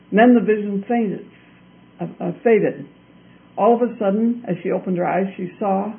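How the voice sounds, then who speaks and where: A man tells a fairy tale in a high voice, deliberately and with a lot of repetition. The sound is tinny and narrow, like a phone line. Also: creaky. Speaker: storyteller. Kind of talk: told fairy-tale narration.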